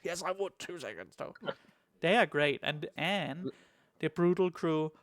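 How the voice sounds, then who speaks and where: Excitable, cursing podcast co-host man. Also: on the high side, a little slow, dry recording. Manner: excitable, swears freely, jokey. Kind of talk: casual hobby podcast chat.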